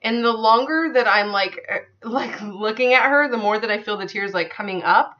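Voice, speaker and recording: A woman's voice: a little high, moderate pace, fairly bright tone, muffled recording. A woman telling a personal story to her viewers in an earnest, conversational way, with many fillers. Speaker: vlogger.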